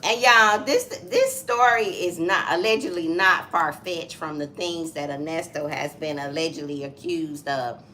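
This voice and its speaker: A woman's voice: low voice, unhurried, hardly any pauses, slight background noise. A woman in her forties with a Southern US accent, co-hosting a casual chat show and animatedly retelling a story. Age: 40s. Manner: animated retelling, acting out voices. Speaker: co-host.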